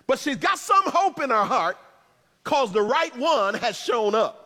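A man preaching a sermon in a church, animated, with playful asides and shouted emphasis. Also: extremely high pitch, a little slow, big-room sound. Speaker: pastor.

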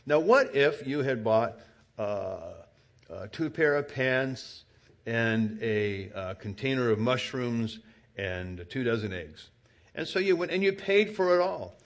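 A man's voice: medium pitch, animated, slow. Preacher man, storytelling sermon voice. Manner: conversational storytelling, rising to loud emphatic exclamations.

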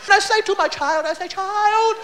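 A man telling a stand-up story, animated and loud, shouting punchlines and acting out characters. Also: very high voice, fast, a little hiss or hum. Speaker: stand-up comedian.

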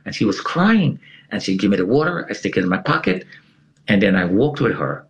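Brisk and sing-song, the man shares a dramatic personal tale as a guest in an interview. His tone rises and falls sharply for emphasis.

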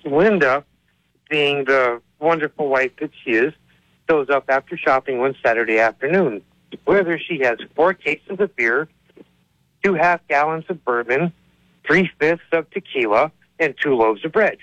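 A man's voice: fairly high pitch, a little slow, fairly bright tone, no echo, highs cut off. A man calling into a radio show, telling a joke as a short story. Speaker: caller.

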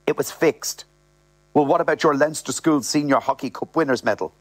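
A man's voice: fairly high pitch, fairly quick, dry recording. Wry man reading aloud. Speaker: story reader. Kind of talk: reading a comic novel aloud.

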